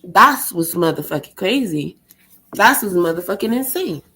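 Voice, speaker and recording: A woman's voice: fairly low pitch, animated, moderate pace, sharp tone. Profane, heated woman ranting on stream. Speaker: live-stream host.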